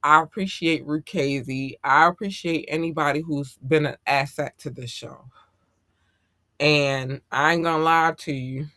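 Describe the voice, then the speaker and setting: A man hosting a podcast in casual chat, talking in an excitable, slangy and heartfelt way. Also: a little high, measured pace, no room sound, studio quality. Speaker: podcast host.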